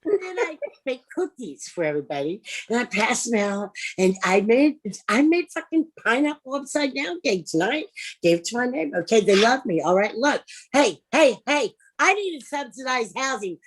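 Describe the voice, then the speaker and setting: A woman doing improvised stand-up on a livestream, brash and profane, swinging from loud outbursts to low mutters. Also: sing-song, moderate pace, breathy edge. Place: home, over a livestream.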